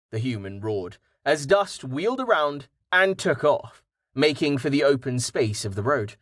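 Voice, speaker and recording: This mid-range male voice delivers scripted audiobook narration with a measured, expressive reading. The studio sound is clean, with no echo.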